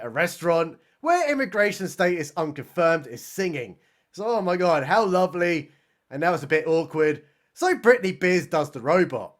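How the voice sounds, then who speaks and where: A man narrating a sarcastic comedic recap of a film as a reviewer, mocking it and swinging between deadpan asides and excited outbursts. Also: high voice. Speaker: movie reviewer.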